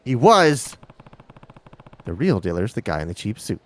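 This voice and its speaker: A man's voice: low voice, lively intonation, fast, a little mellow. A man streaming a game live, reading the characters' lines aloud and sometimes stumbling over words.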